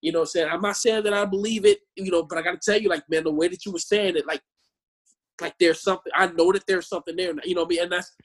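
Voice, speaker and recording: A man tells stories in casual conversation with a raised, husky voice. He is animated and often repeats words as he goes. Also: sits high, racing. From born in Chicago, raised in Omaha. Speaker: Christian musician and street preacher. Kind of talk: casual podcast chat.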